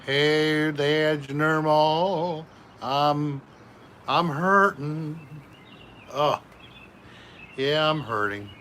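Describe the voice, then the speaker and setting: A man's voice: a little high, drawn-out words, long pauses, bright, forceful tone, slight background noise. A man hosting a casual live stream from home, chatting with viewers and reading out their names one by one. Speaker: livestream host.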